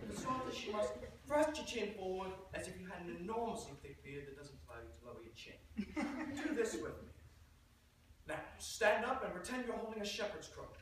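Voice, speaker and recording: A pompous, condescending accent coach, played by a performer, lectures in a put-on British accent with a lively, swooping delivery and theatrical asides. The voice is heard from far off in an echoey room. A steady noise sits behind it. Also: mid-range voice. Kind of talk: humorous interpretation performance.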